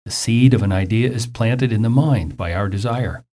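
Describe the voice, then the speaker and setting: Mellow-voiced male pastor preaching. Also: mid-range voice. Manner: measured, direct to the listener. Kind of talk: sermon.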